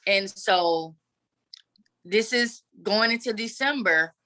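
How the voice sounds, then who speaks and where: A woman guest telling a candid personal story in an earnest, animated way. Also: mid-range voice, takes it slowly. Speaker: guest advocate.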